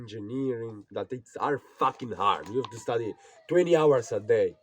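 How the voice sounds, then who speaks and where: A man's voice: medium pitch, animated, normal speed, muffled recording. A young man ranting to the camera at home in an old rural house, agitated, swearing often and repeating himself. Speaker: vlogger. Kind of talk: frustrated personal rant to camera.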